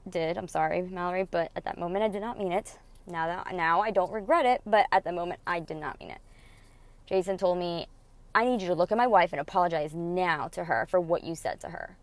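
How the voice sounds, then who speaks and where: This is a woman recounting her own life straight to the listener, blunt and swearing freely as she acts out other people's lines. Her voice sits at an ordinary middle pitch. It is recorded dry and close, with no room echo. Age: adult mother. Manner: blunt, profane and emotional, quoting others in dialogue. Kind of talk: candid storytime monologue.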